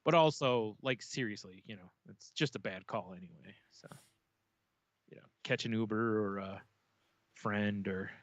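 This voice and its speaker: A man's voice: on the low side, normal speed, dry recording, highs cut off. A man co-hosting a casual podcast, chatting in a laid-back, joking way and swearing now and then. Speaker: podcast co-host. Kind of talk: casual chat.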